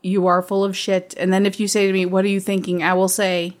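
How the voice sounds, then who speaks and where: A woman's voice: medium pitch, steady tone, a little fast, few pauses. Blunt woman in her fifties chatting. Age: 50s. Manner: blunt straight talker, laughs often. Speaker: podcast co-host. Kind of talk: casual chat.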